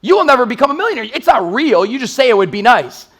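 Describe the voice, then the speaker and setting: A man giving an energetic, blunt motivational talk as a sales trainer, telling stories and swearing freely. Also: very high-pitched, fast talker, gravelly. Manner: energetic, blunt storytelling with profanity.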